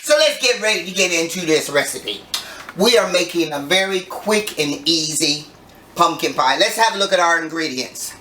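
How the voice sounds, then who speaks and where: Lively, bright-voiced older woman cooking host. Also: fairly low pitch, normal speed, a little hiss or hum. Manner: playful, folksy, chatty storyteller. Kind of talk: casual cooking demonstration. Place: home kitchen. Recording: roomy kitchen, mic at a distance.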